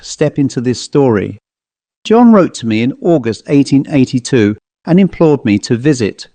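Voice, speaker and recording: A man narrating a ghost story in a measured, formal storytelling manner. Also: medium pitch, mellow, no room sound. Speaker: narrator and author.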